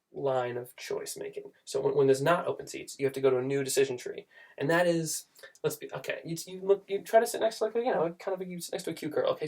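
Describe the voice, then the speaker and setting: A man's voice: fairly high pitch, gravelly, a little mellow. A young man telling a comic story straight to camera in a rambling, self-interrupting way.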